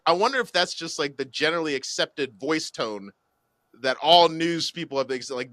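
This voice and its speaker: A man co-hosting a casual podcast, joking and animated as he spins stories. His voice is bright and forceful, a little higher than most men's. The sound is dry and close. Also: brisk, no echo. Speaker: podcast co-host.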